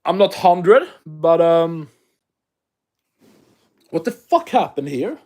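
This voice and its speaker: A man's voice: fairly high pitch, very animated, takes it slowly, a little mellow. A Swedish man with a Swedish English accent, chatting casually and profanely on an MMA livestream while reading chat aloud. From Sweden.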